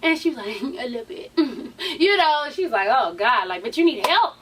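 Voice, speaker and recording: A woman's voice: sits high, sing-song, normal speed, fairly bright tone, recorded from a distance, a little hiss or hum. Sassy woman chatting in a recap vlog. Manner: chatty and sassy, swears freely, says "honey" and "sweeties" a lot. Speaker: YouTube TV show recap host. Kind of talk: casual reality TV recap vlog.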